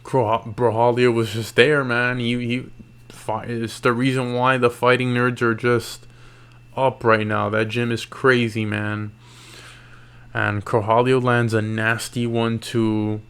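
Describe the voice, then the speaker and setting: A man's voice: mid-range voice, flat delivery, slow pace, a bit bright, smooth. Tired, slangy man recapping fights late at night. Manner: loose and slangy, frequent "man" and "bro", restarts. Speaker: MMA YouTuber. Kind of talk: casual fight recap commentary.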